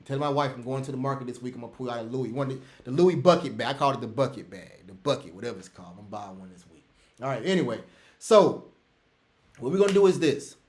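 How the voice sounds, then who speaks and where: Fast and lively in intonation, a medium-pitched man leads a live online trading webinar over a computer mic on a video call, sounding reverberant. He's emphatic and repetitive, calling out to everyone, with loud rants that fall into soft asides.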